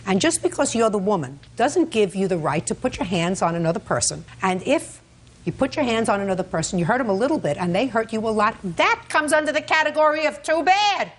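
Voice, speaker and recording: A woman's voice: medium pitch, expressive, fast, darkish tone, a little hiss or hum. A woman presiding as a television court judge, questioning the parties bluntly and scolding them as she cuts in.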